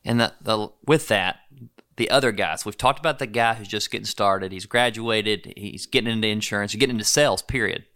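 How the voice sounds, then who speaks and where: A male host reads scripted narration in a low voice. The recording is dry and close. His tone is smooth and resonant with some fry, and he speaks reflectively and directly. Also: a little fast, pushed and bright, dry recording. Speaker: podcast host.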